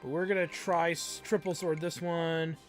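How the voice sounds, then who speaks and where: A woman's voice: lowish voice, level tone, normal speed. A woman giving casual, wry gameplay commentary as a let's play host. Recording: faint game music behind.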